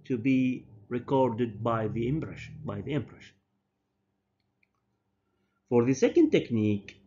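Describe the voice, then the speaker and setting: In a dull, lo-fi recording, a dental professor whose first language is Arabic lectures at a university with slow deliberation, frequently repeating and fixing his terminology. He has a mid-range voice with a darkish tone.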